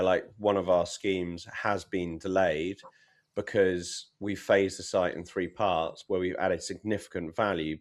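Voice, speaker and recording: Low-voiced man talking property business. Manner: reflective, explains in long run-on lists. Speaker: podcast co-host, property developer. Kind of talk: casual business podcast chat.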